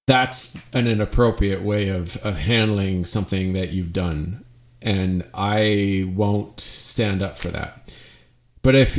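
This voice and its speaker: A middle-aged man hosting a solo podcast, talking in an earnest, reflective way and often restarting his phrases. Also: fairly low pitch. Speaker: podcast host.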